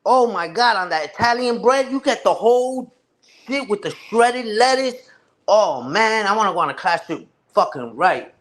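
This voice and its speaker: A man from New with a fairly high voice chats off the cuff with a live stream audience. His talk is loose and slang-heavy, and he restarts his sentences often as he swears his way through stories. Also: lively intonation, moderate pace, a bit bright. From New York. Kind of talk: casual chat with a live audience.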